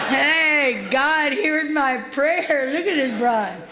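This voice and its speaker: A woman's voice: sits high, background noise. A middle-aged woman speaking at a recovery meeting, telling her story in a blunt, streetwise, profane way. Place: meeting hall.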